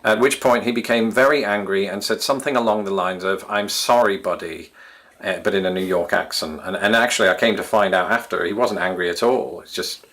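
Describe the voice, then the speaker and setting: A man's voice: fairly low pitch, fairly even intonation, fast, hardly any pauses, fairly bright tone. A man in his thirties with an English accent, reminiscing in a wry, chatty monologue to his channel's viewers. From England. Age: 30s. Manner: wry, self-deprecating, chatty. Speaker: YouTube host.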